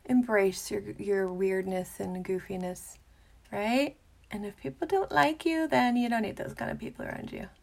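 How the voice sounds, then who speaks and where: Woman, young adult, makeup tutorial host, bubbly, chatty, slight vocal fry, sometimes whispers. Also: mid-range voice, moderate pace. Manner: bubbly, chatty, drops into soft whispers at times. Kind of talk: casual makeup tutorial chat.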